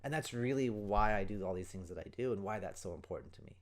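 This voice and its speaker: An earnest middle-aged man talks through parenting stages on his own podcast. His voice sits fairly low, and he slips into short acted-out quotes to make a point. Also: quick pace. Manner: earnest, explanatory, acts out quoted lines. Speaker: podcast host, parenting coach. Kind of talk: solo podcast talk.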